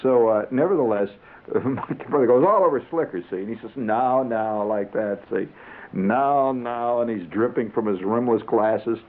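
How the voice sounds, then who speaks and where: Deep-voiced man spinning a rambling story. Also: fairly quick. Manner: rambling, conversational, chuckling asides. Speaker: radio storyteller. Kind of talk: comic monologue. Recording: tinny 1970s radio broadcast.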